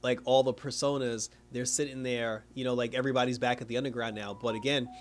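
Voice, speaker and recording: A man's voice: medium pitch, steady tone, fast. A man recapping a TV episode in a loose, rambling way, full of slang and filler words, often laughing as he goes. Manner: slangy street talk. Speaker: TV show reviewer.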